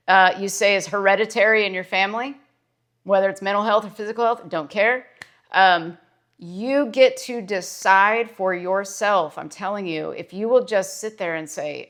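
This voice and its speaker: A woman's voice: mid-range voice, moderate pace, a bit bright. A woman, a social worker, speaking straight to camera in a self-made motivational video. She talks earnestly and with emphasis, repeating her phrases to drive each point home. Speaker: licensed clinical social worker and mindset vlogger.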